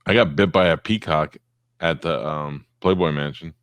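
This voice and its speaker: Give me a man with a very low voice, deadpan and blunt, recorded dry. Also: normal speed, dry recording. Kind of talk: casual chat.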